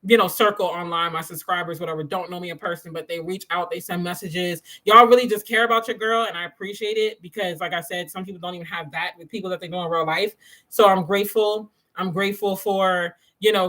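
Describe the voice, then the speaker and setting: A woman hosting a morning devotional livestream, talking in a chatty, animated way with lots of "y'all" and "you know," and reading viewers' comments. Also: lowish voice, fairly quick, rough recording. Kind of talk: casual faith talk, reading live comments.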